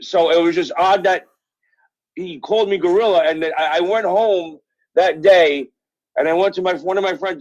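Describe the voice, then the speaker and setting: Over dull phone-call audio, a middle-aged author from Brooklyn, New York, tells rambling, profane stories packed with fillers. He's a guest in a casual interview chat, and his high voice comes through a dry recording.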